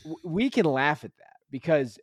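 A man's voice: a little high, big pitch swings, normal speed, dry recording, clean studio sound. A man co-hosting a parenting podcast in casual chat, rambling with many restarts and fillers, earnest and emphatic. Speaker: podcast co-host; high school psychology teacher.

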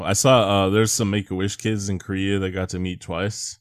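A young man with a very low voice chatting loosely as a podcast co-host. His humor is dry and sarcastic, and the sound is close and dry with no room echo. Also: level tone, moderate pace, hardly any pauses, clean tone. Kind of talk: casual chat.

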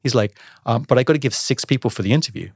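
A man telling a personal business story in a casual interview, acting out the dialogue with animated voices. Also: mid-range voice, very fast, gravelly, slightly rough, dry recording, clean studio sound. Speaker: podcast guest, entrepreneur.

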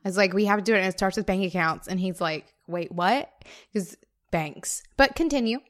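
A woman co-hosting a podcast, chatty and quick to laugh, telling small anecdotes. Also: medium pitch, animated, a bit bright. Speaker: podcast co-host. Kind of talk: podcast interview.

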